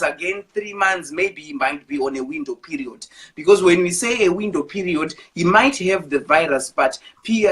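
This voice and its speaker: A woman from Zimbabwe, hosting a live-streamed talk show, reading viewer comments and encouraging a caller warmly. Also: fairly low pitch.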